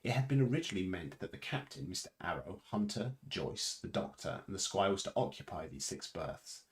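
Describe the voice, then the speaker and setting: Male reader, very low voice, reads a novel aloud on stream, stumbles and restarts now and then. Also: big pitch swings, a little fast. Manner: unpolished reading with restarts and self-corrections; varies pitch and loudness for dialogue.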